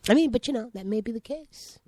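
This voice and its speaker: A woman co-hosting a casual chat podcast, teasing and animated, sometimes dropping to a murmur. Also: on the high side, quick pace, dry recording. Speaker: podcast co-host.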